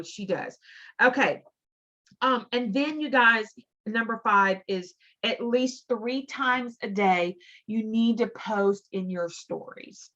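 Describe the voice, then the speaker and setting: A woman's voice: fairly high pitch, a bit bright, lo-fi sound. A middle-aged woman leading a team training call, talking in a chatty, emphatic way that often repeats words for stress. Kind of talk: motivational training talk.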